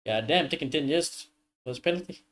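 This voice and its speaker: A high-voiced man streams a live football watchalong. He reacts loudly to every chance, swears freely and keeps calling out to his viewers. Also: a little fast. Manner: excitable, swears often, talks straight to viewers.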